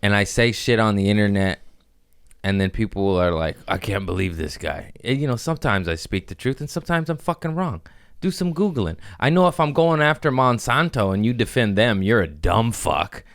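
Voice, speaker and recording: Low-voiced guy running a comedy podcast, swears a lot, rambles all over. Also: a little fast, smooth. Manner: rambling, profane, animated riffing. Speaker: podcast host. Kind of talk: casual comedic podcast chat.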